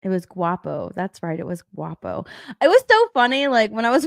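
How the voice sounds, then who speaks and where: A young woman hosting a live stream alone, talking in a loose, rambling way that loops back on itself. Her pitch jumps around a lot. She swears casually and laughs often. The sound is close and dry, with no room echo. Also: big pitch swings, brisk, vocal fry. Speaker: stream co-host.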